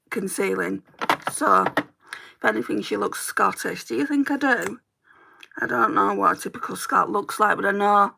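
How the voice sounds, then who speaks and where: A woman's voice: medium pitch, vocal fry, background noise. A woman from England with a Northwest English accent, chatting on a beauty livestream while doing her makeup and answering viewers' comments. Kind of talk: chatty get-ready-with-me livestream.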